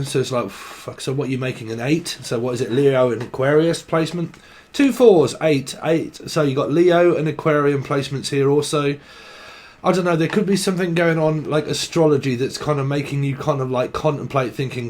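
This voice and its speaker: A man's voice: fairly high pitch, a little fast, a little mellow. A man giving a casual, rambling tarot reading, swearing freely, chuckling and acting out people's inner voices. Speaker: tarot reader.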